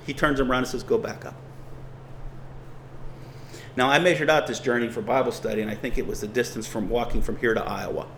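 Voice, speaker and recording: A man's voice: medium pitch, a little hiss or hum, low-quality recording. A man preaching a sermon, earnest and building emphasis as he reads scripture.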